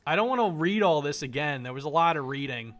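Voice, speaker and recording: A man streaming live, reading a visual novel aloud in a dramatic, animated way and laughing often. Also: fairly high pitch, quick pace. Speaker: game streamer.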